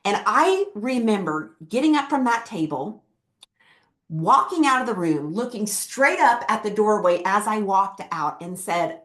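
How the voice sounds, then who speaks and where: A woman's voice: medium pitch, very animated, moderate pace, fairly bright tone. Earnest woman telling a personal story. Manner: earnest and emphatic. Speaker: podcast host and keynote speaker.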